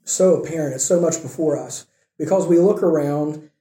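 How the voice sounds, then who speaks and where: A male pastor with a high, mellow voice delivers a sermon in a church. He keeps putting questions to the congregation as he preaches. The sound echoes around the room. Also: moderate pace.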